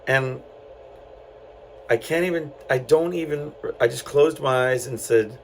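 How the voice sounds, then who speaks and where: A man's voice: mid-range voice, measured pace, a little hiss or hum, low-quality recording. A middle-aged man from San Antonio, hosting a podcast and telling a story in a loose, rambling way full of fillers and restarts. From San Antonio, Texas. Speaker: podcast host. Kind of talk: casual solo storytelling.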